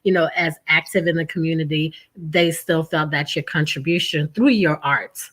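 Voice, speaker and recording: A woman's voice: deep voice, fairly even intonation, normal speed, a bit bright. A woman hosting an interview, enthusiastic and encouraging toward her guest. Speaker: interview host. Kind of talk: casual interview.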